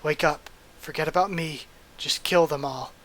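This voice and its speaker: A man's voice: on the high side, moderate pace, fairly bright tone, natural voice. A man reading aloud as a defiant young male soldier, firm and determined, during a manga readthrough.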